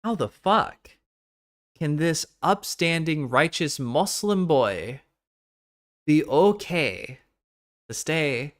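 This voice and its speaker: A man's voice: a little high, lively intonation, drawn-out words, long pauses, pitched above the performer's own voice. A man putting on a mocking impression of an indignant woman, in a clumsy half Arabic, half Irish accent that slips toward Scottish. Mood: incredulous. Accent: attempted half Arabic, half Irish accent. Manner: exaggerated, incredulous, clumsy put-on accent.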